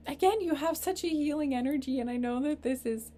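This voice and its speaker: A woman giving a casual tarot reading, rambling and halting, earnest and openly emotional. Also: high voice, mellow. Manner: rambling, halting, full of fillers and restarts. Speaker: tarot reader. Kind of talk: casual spiritual reading to camera.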